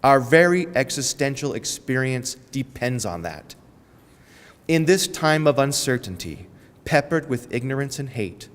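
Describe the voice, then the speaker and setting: A man delivering a prepared speech at a press conference, solemn and measured, with rhetorical repetition. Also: medium pitch. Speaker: community speaker. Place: press conference in a large hall. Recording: long hall reverb.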